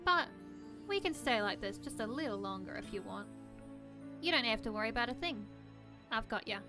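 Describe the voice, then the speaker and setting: A woman voicing a cocky, streetwise young man who serves as a protective servant, speaking in a rough, teasing gutter-snipe drawl. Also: fairly high pitch, expressive, brisk, over music.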